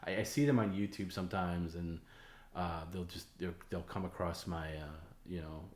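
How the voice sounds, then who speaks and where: A man's voice: low voice, fairly even intonation, normal speed, echoey room. A man hosting a casual late-night stream, talking in a rambling way with many fillers and restarts. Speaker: host.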